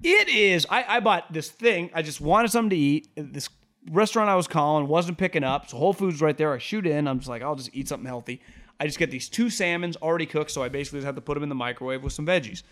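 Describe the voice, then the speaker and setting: A man with a somewhat raised voice co-hosting a sports talk show. He spins everyday complaints into animated, joking stories. His delivery is loose and conversational throughout. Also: a little high, quick pace. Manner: animated storyteller, jokey asides. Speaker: sports talk podcast co-host.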